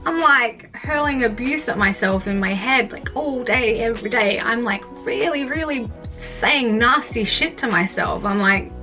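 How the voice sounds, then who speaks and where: A woman's voice: a little high, unhurried, pushed and bright. Young woman, casual rambling vlogger, candid and frank, faint music under. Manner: casual, rambling, frequent "like", swears. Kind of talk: candid personal vlog about mental health.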